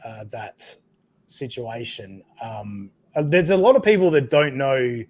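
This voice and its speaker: A man's voice: medium pitch, animated, unhurried, a little mellow. An Australian man co-hosting a casual chat, laid-back and joking, swearing freely. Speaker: co-host.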